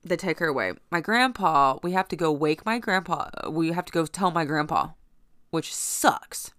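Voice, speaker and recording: A woman's voice: low-pitched, normal speed, fairly bright tone, no room sound, clean studio sound. A young woman casually telling a personal story in a blunt, profane, rambling way, full of fillers.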